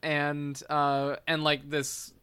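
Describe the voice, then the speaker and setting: Bright, clear man rambling through a recap. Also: on the high side, monotone, drawn-out words. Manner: rambling, many fillers and restarts while recapping a plot. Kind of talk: casual movie chat.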